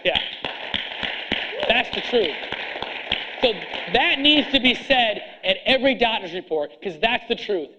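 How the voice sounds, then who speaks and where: A middle-aged man with a high voice lectures a seminar crowd in a blunt, hard-driving way, stacking up rhetorical questions. The recording is dull and lo-fi. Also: lively intonation, a little slow, pauses often, pushed and bright. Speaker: chiropractor coaching other chiropractors. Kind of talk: seminar speech to an audience.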